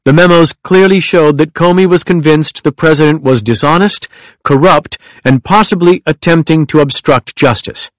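Man, audiobook narrator, measured even reading, slightly high voice, dry close mic. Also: dry recording. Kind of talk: scripted nonfiction narration.

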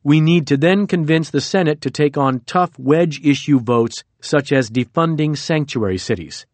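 A man's voice: a little high, moderate pace, darkish tone, no room sound, close to an everyday voice. Man voicing a calculating male adviser, firm, matter-of-fact, dry sound.

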